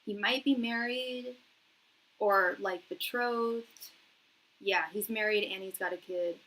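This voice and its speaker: A woman's voice: mid-range voice, slow, bright, forceful tone, rough recording. A young woman reading tarot on a live stream, chatting casually with lots of fillers, laughs and repeated words. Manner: reads viewers' chat messages aloud. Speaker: tarot reader and psychic.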